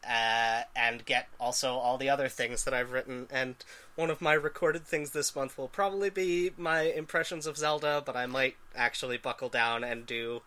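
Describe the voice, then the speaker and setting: A man's voice: medium pitch, steady tone, normal speed, pushed and bright. A man co-hosting a podcast in casual, wry chat, loosely filled with ums. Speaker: podcast co-host.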